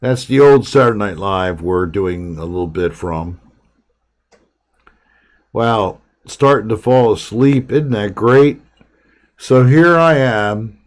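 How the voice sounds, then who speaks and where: Slow, low-voiced man rambling casually. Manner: rambling, relaxed, chatting to viewers. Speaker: live stream host. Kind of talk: casual live chat.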